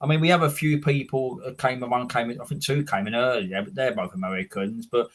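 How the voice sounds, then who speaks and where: A man's voice: medium pitch, fairly even intonation, a little fast, a bit bright. An English man hosting a casual live stream chat, rambling and repeating his words as he reads out viewer names. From England.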